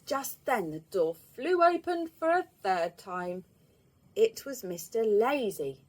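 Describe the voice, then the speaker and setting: A woman, reading a children's storybook aloud in an expressive, lively way. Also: fairly high pitch, slow.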